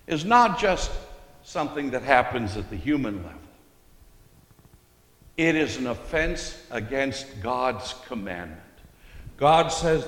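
Slow, deliberate preacher man in an echoey hall. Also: on the high side, a bit bright. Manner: slow, deliberate teaching with emphatic stresses. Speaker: pastor. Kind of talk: expository sermon. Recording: echoey hall with long reverb.

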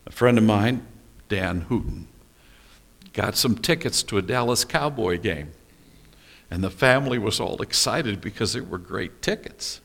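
A man's voice: fairly low pitch, expressive, measured pace, vocal fry, a bit bright. A male pastor preaching a sermon, telling stories and asking rhetorical questions with small humorous asides.

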